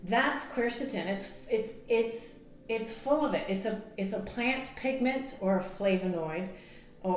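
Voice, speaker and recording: A woman's voice: a little high, animated, measured pace, roomy sound, a little hiss or hum. A woman nutrition coach giving casual on-camera health advice, chatty, with many fillers and laughs at herself. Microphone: camera mic.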